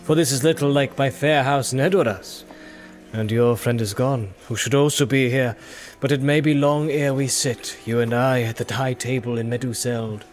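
A man voicing an aged, gracious king who speaks in formal, measured tones, in an audiobook reading. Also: medium pitch, steady tone, faint music behind, close to an everyday voice.

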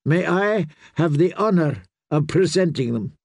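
Proud scheming princess, raised soft voice, persuasive, lively pitch, as a male narrator puts her on. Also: a little slow, gravelly, no room sound, studio quality, heavily acted. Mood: soothing.

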